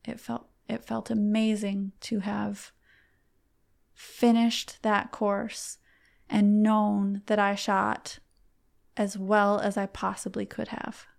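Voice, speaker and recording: A middle-aged woman, a guest on a podcast, telling a personal story in a heartfelt, halting way with frequent restarts. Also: mid-range voice, flat delivery, vocal fry. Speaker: podcast guest, competitive archer.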